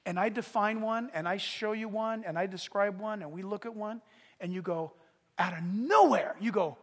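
A man preaching a sermon as pastor, animated and swinging from hushed asides to shouts. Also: sits high, normal speed, big-room sound. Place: church.

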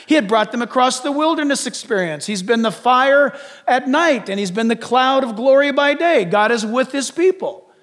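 A preacher with a very high voice delivers an animated sermon. He swings from quiet, intimate asides to loud, shouted bursts. His voice carries a long reverb, as in a large church hall. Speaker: pastor.

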